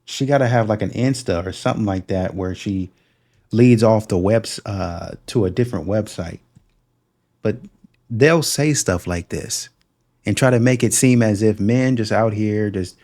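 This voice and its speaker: A man's voice: lowish voice, a little slow, darkish tone. Man giving sarcastic reaction commentary. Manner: sarcastic, scornful, puts on mocking quoted voices.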